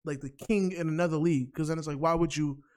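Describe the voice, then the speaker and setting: Man, fairly high smooth voice, opinionated podcast chat, animated, lots of restarts. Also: quick pace. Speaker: podcast co-host. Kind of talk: casual chat.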